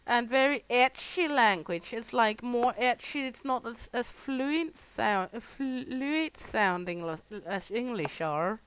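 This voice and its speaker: A woman's voice: fairly high pitch, animated, slow, fairly bright tone, clean tone, no echo, rough recording. A middle-aged Danish woman with a Danish accent, chatting casually and swearing freely while live-streaming a store game. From Denmark. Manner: chatty, swears freely, laughs often, talks to chat.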